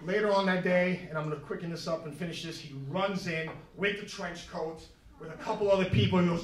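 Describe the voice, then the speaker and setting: A man doing stand-up, telling an animated story and acting out the scenes in a New York comedy club. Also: high voice. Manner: animated, quick asides, acts out scenes. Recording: echoey room, mic far off. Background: audience laughter.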